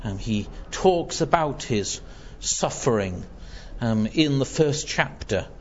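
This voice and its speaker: A man's voice: mid-range voice, expressive, slow, slight background noise. A man preaching a sermon, earnest and emphatic, pressing his points with rising intensity as he quotes scripture. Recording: dull lo-fi sound.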